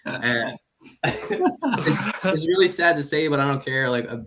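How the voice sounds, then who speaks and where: A man's voice: a little high, very animated, measured pace, a bit bright. A man on a comedy podcast telling profane stories, often laughing as he talks. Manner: storytelling with frequent laughs, profane. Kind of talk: casual podcast banter.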